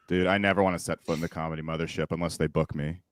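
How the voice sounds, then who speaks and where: A man's voice: deep voice, steady tone, very fast, no echo, clean studio sound. A man co-hosting a podcast, chatting casually with jokes, swearing and laughs. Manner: joking, swearing, laughs mid-sentence. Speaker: comedian and podcast co-host. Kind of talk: casual chat.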